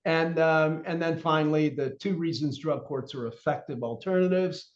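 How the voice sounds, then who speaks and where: A man's voice: on the high side, normal speed, highs cut off. A man leading an online corrections training session, talking through the objectives in a conversational way with lots of fillers.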